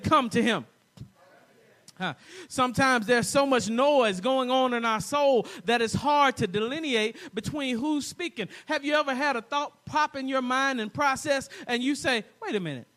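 Very high-voiced man preaching a sermon. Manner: preaching with rising emphasis, builds to shouted peaks; rhetorical questions to the congregation. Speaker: pastor.

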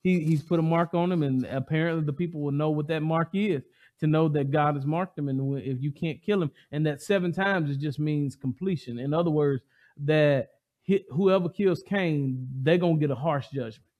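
High-voiced emphatic preacher. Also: male voice, normal speed, dull audio. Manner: animated, emphatic, call-and-response questions. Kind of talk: sermon.

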